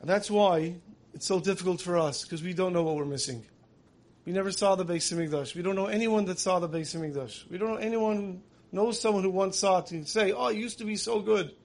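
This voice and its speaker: High-voiced man telling an earnest sermon. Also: brisk. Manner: earnest storytelling, building emotion. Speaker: religious teacher.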